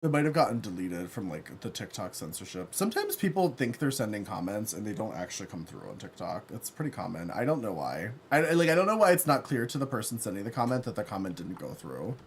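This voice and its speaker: Campy, animated male streamer. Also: on the low side, quick pace, few pauses, a little hiss or hum. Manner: campy, playful, reads chat aloud; laughs often, yells when excited. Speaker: livestreamer. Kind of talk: casual livestream chat while gaming.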